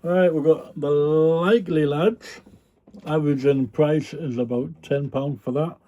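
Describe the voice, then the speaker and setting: In a casual chat, a reseller vlogger talks to his viewers about items he resells. His voice is a little high and dark-toned, with fairly even intonation and a slightly slow pace, and he rambles with frequent ums and the odd yawn.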